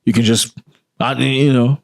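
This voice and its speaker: A man from Africa hosting a reaction commentary, animated and indignant, repeating lines for emphasis. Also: medium pitch, measured pace, gravelly, slight background noise. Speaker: commentary channel host.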